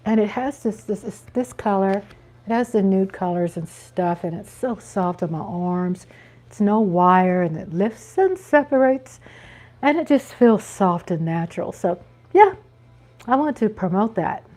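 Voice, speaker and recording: A woman's voice: mid-range voice, expressive, a little slow, warm tone. A middle-aged woman from Texas with a Texan accent, hosting a casual live chat and talking folksy and chatty straight to her viewers. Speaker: livestream host.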